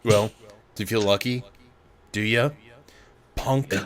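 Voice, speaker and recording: A man putting on the voice of a gruff, menacing movie cop, drawling his taunts. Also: on the low side, fairly even intonation, slow pace. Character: gruff tough-guy movie cop, adult male, menacing.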